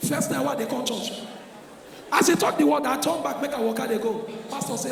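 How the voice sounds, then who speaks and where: A Nigerian man doing a stand-up comedy routine on a live stage, loud and excitable, often breaking into shouts. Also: extremely high pitch, brisk, vocal fry, a little hiss or hum. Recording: echoey live venue with crowd.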